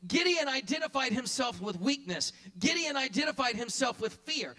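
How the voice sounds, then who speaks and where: High, bright-voiced fervent preacher man. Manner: fervent preaching, repeats phrases, rising to shouts; drops into quiet, quick asides. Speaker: pastor. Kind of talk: sermon. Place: church sanctuary.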